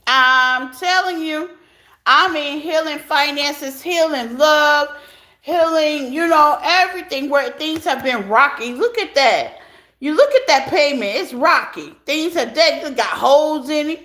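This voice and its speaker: A woman with a high voice reads tarot live, chatting directly to her viewers. She speaks in a relaxed, talkative way. The sound bounces around an echoey room. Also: measured pace. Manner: chatty, talks straight to viewers as y'all. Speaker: tarot reader.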